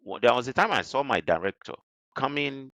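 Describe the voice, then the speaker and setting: A Nigerian-accented man talking as a podcast guest, his pitch rising and falling freely as he tells his stories. His voice sits in a middle register and sounds dry and close to the mic, with no room around it. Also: brisk, no room sound. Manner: animated storyteller who jumps high to act out quoted people. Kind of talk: podcast interview.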